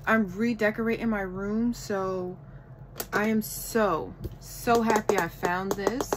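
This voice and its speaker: A woman vlogging a shopping haul from home in casual chat, gushing and excitable over each item. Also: mid-range voice, slow pace, heavy background noise. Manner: gushing, excitable, repeats "oh my goodness".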